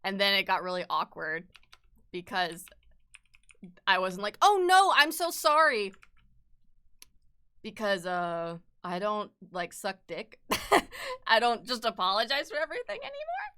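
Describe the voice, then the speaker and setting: Blunt, bright-voiced woman ranting casually. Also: medium pitch, sing-song, measured pace, clean tone. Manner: blunt, swearing, candid ranting; peppered with "like". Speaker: art streamer. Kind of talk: casual chat while sketching.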